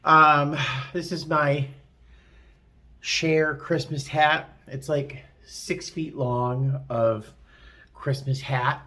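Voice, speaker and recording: Man, casual vlog chat, rambling with fillers, bright crisp tone, hotel room. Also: on the high side, fairly even intonation, extremely slow. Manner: chatty, rambling with many fillers. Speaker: vlogger.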